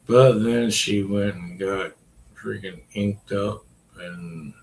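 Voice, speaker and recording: A man's voice: on the low side, takes it slowly, darkish tone, a little hiss or hum. A man in his forties rambling in a casual, profane chat and talking to his dog. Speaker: vlogger.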